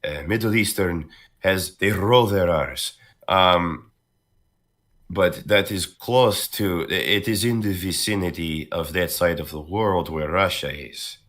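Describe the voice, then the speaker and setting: Voice actor man, deep voice, slow casual chatter full of fillers. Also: a bit bright. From northern United States. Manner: laughs often, many fillers and restarts. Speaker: voice actor guest. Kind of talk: casual podcast chat.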